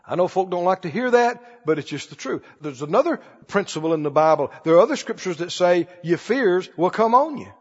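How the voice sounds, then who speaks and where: A man preaching a sermon emphatically, his voice rising to loud declarations and dropping low again. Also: lively intonation, brisk, hardly any pauses, slightly rough. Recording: dull recording in a large reverberant hall.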